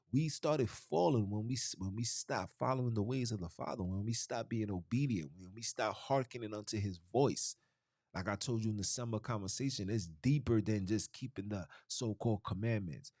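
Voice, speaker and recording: Clean studio sound and a dry recording capture a man with a creaky, darkish, medium-pitched voice. He hosts a podcast, giving a preachy, emphatic monologue where he repeats himself and keeps restarting phrases.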